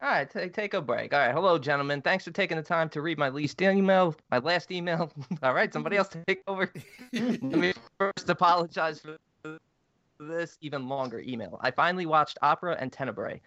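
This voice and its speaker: A man's voice: fairly high pitch, brisk, bright, forceful tone, no echo. Blunt, swearing male podcast co-host. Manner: blunt, swears, laughs often. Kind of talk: casual chat and reading listener email. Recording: dry, slightly dull sound.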